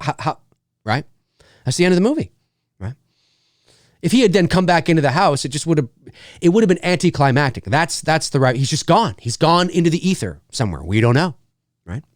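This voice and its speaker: A man hosting a live stream, answering viewer questions in an animated way. He often repeats himself and laughs. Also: medium pitch, no echo, clean studio sound. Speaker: host.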